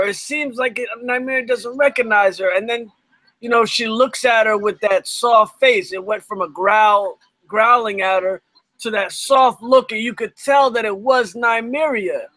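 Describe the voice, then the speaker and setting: A man co-hosting a live stream, telling it in an excited, animated way while he is losing his voice. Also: extremely high pitch, moderate pace, no room sound, low-quality recording. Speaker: co-host. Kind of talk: casual live-stream chat.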